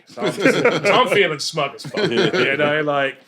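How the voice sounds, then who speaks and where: A man in his forties, a podcast guest telling stories in a casual, animated way, laughing and swearing freely. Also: medium pitch, moderate pace, gravelly, crowd noise. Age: 40s. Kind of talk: casual storytelling chat.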